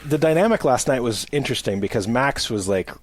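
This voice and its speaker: A man's voice: mid-range voice, expressive, a little fast, dry recording. A man hosting a podcast, talking in a loose, rambling way full of "like" fillers. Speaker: podcast host. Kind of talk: casual chat.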